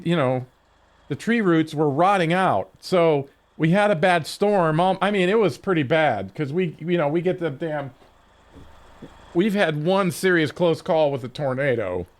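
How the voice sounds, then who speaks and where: Streamer, male, higher pitch; loose, profane storytelling full of restarts, close desk mic. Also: moderate pace. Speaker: game streamer. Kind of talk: casual stream chat.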